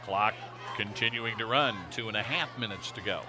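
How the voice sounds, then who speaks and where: A man calling high school football play-by-play, brisk and rising to shouts on big plays. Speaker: play-by-play announcer. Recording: noisy outdoor stadium broadcast with crowd.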